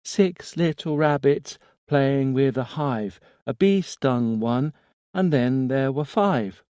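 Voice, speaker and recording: A man's voice: medium pitch, expressive, takes it slowly, dark tone, clean tone, no room sound, clean studio sound, voice pushed up. A man voicing a small boy who recites a nursery rhyme in a childlike sing-song, one line straight into the next. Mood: eerie sing-song. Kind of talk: audiobook character voice.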